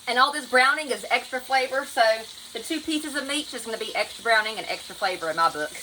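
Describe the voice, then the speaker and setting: A Southern US woman, a home cook, narrates a casual cooking vlog from her home kitchen, chatting folksily and calling her viewers y'all. Her voice is a little high, quick, bright and forceful. The recording is rough, with a little hiss or hum.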